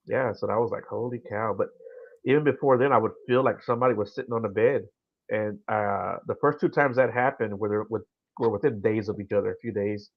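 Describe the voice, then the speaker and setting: A man with a low, gravelly voice asks questions and tells his own stories at an easy pace, with plenty of "uh" and "you know". The recording sounds a little muffled and dry, with no room echo. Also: a little fast. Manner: relaxed, easygoing storytelling with "uh" and "you know". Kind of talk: casual podcast chat.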